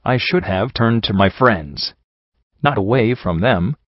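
A man voicing a guilt-ridden, weary female unicorn pony, speaking softly and in a subdued way. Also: lowish voice, expressive, measured pace, dry recording, highs cut off. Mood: remorseful. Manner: soft, subdued, confessional.

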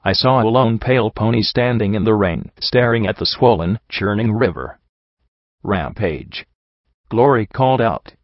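A man reading a fan fiction story aloud as narrator, in a steady, measured way. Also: fairly low pitch, no room sound, highs cut off. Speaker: audiobook reader.

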